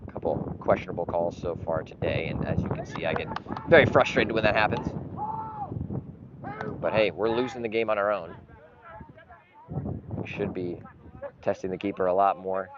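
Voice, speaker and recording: A man doing partisan play-by-play for his club's live stream, getting frustrated and sometimes yelling at calls. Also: low-pitched, normal speed, long pauses. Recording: dull lo-fi live stream audio with noise.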